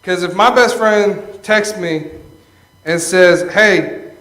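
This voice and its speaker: A man's voice: high voice, takes it slowly, fairly bright tone. A young man performing a stand-up comedy set, telling stories, tagging lines with "okay?" and laughing at his own jokes. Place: stage at a live venue. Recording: echoey live room.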